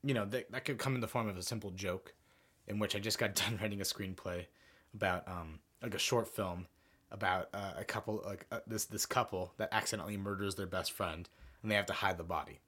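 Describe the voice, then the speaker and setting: A man's voice: lowish voice, steady tone, a little fast, pushed and bright. A young man hosting a casual podcast, rambling through stories and jokes and laughing often as he goes. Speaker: podcast host.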